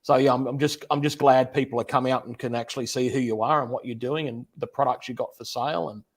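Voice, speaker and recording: A man's voice: medium pitch, fairly even intonation, fast. Chatty man hosting an interview. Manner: chatty, friendly, repeats words. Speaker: host, interviewer. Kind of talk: casual livestream interview.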